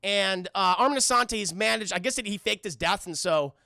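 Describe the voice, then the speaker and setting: Young male streamer, excitable and cussing, bright forceful tone; keeps talking to chat. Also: sits high, normal speed, creaky, dry recording, studio quality. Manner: rambling, excitable, curses, keeps addressing chat. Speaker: streamer reviewing films. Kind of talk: casual profane film recap to live chat.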